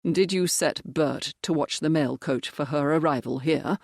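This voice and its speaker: A grim, steady gentleman presses his questions without letting up, as the narrator reads him. The delivery stays controlled and firm. The sound is close and dry. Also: medium pitch, a little slow, gravelly, dry recording. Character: grim, determined male baronet and major.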